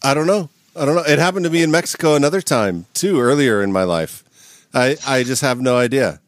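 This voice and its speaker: A man's voice: mid-range voice, expressive, fairly quick, no room sound, clean studio sound. A man co-hosting a podcast over a video call, telling a wild story with lots of swearing and laughter. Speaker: podcast co-host. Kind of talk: casual chat, storytelling.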